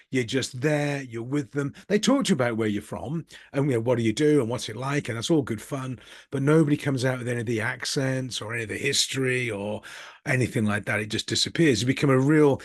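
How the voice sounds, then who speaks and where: A man's voice: mid-range voice, no echo, studio quality. A middle-aged man with a Birmingham accent, talking candidly and a bit ramblingly in a casual reflective monologue, with a self-deprecating streak. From Birmingham, England. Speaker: business coach and channel host.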